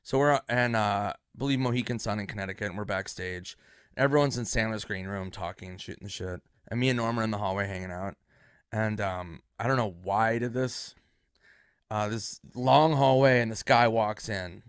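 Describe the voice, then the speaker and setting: A man who is a comedian, casually telling an animated, profane anecdote and acting out other people's reactions. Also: fairly low pitch, moderate pace, clear, resonant tone, dry recording, studio quality. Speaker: comedian guest.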